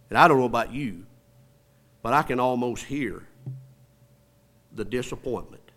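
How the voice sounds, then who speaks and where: Bright-voiced preacher, loud then hushed. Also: male voice. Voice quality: swings from loud preaching to hushed low tones. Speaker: pastor. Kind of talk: sermon.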